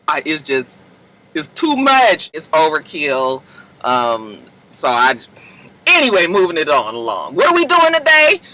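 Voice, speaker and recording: Lively, bright-toned woman recapper, slangy and giggly. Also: low voice, a little slow, a little hiss or hum, poor audio. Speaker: YouTube reality-TV recapper. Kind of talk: casual episode recap.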